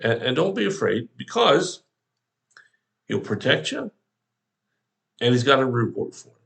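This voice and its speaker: A man's voice: medium pitch, sing-song, measured pace, vocal fry, a bit bright. A man, an older pastor, giving a devotional sermon in a folksy, conversational way, talking straight to the listener.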